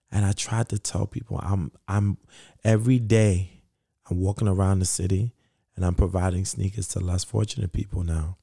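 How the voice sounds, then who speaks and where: A middle-aged man tells his story in an interview, his voice low and mellow. He talks earnestly, repeats phrases for emphasis, and acts out the voices of people he quotes. The sound is close and dry. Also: steady tone, normal speed, gravelly, husky, dry recording. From Brooklyn, New York. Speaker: founder of a sneaker charity.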